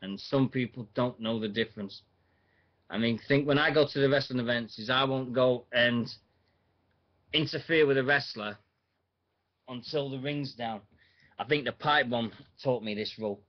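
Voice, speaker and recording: A man's voice: medium pitch, moderate pace, pauses often. Rambling man on lo-fi radio. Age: 40s. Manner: rambling, lots of fillers and restarts, chatty. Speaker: radio host. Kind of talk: casual rambling radio chat.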